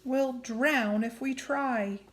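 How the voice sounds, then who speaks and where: An eager, brave young girl from a storybook, as a woman reader puts her on. She sounds lifted and lively, a touch higher than the narrating voice. The delivery is unhurried, as if read aloud to children.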